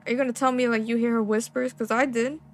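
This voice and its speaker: A young woman gaming streamer with a slightly high voice reads a game's on-screen text and lines aloud as she plays. Between readings she bursts into excitable, profane, slang-heavy reactions. She talks at a quick pace over slight background noise.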